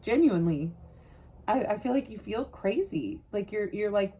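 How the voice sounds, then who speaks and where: Warm and husky, her mid-range voice moves at a moderate pace with lively intonation. This tarot reader talks straight to the viewer in a casual, rambling way, stumbling through fillers and restarts, and at one point her voice catches as emotion briefly surfaces.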